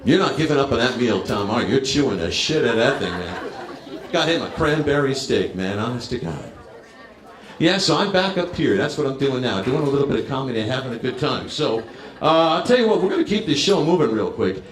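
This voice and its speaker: Brash stand-up comic in an echoey bar. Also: male voice, mid-range voice, sing-song, brisk. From New Jersey. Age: 50s. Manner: brash, crowd-working, punchline timing. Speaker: stand-up comedian. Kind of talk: stand-up comedy set. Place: bar stage.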